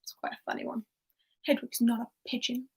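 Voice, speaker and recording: A young woman hosting a casual livestreamed pub quiz, chatty and laughing softly as she reads out quotes and answers. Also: fairly high pitch, flat delivery, a little fast, breathy edge.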